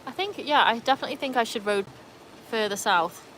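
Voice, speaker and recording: A woman's voice: fairly high pitch, animated, brisk, a bit bright, a little hiss or hum, rough recording. A woman with an English accent tinged with Welsh, chatting casually on a livestream and answering viewer comments from her backyard. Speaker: livestream host.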